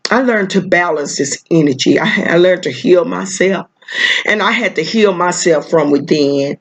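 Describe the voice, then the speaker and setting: A woman's voice: on the low side, normal speed, slight background noise. A woman giving a casual tarot reading to her viewers, emotional and repetitive, calling them baby and girl and laughing often. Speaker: tarot reader.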